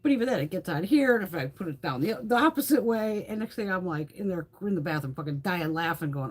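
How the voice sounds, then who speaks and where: A woman's voice: lowish voice, animated, fast, few pauses, husky. A middle-aged woman hosting a beauty livestream, chatting casually with viewers, laughing often and swearing freely.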